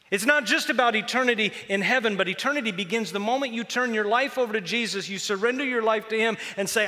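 High, bright-voiced preacher in echoing hall. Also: male voice, brisk. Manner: animated, joking storyteller. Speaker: pastor. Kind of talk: sermon.

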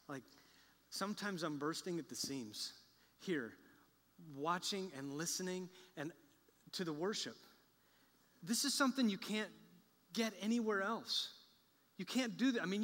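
A pastor with a high, bright voice preaches his sermon in a loose, joking, conversational way that swells into excited bursts. His voice rings out with long reverb through a large sanctuary that has a balcony. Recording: echoey large church hall.

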